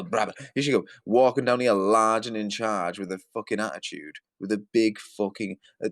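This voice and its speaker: A man's voice: lowish voice, dry recording. A man ranting with heavy profanity and exasperation as he comments on videos. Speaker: commentary host.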